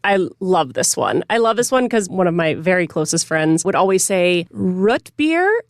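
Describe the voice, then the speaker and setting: A woman's voice: fairly low pitch, big pitch swings, normal speed, no room sound, clean studio sound. A woman hosting a podcast, leading the talk with upbeat questions. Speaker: podcast host. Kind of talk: podcast conversation.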